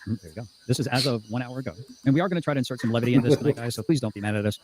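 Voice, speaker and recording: Fast-talking profane male livestream host. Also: mid-range voice, background noise. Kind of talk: casual livestream chat reading comments.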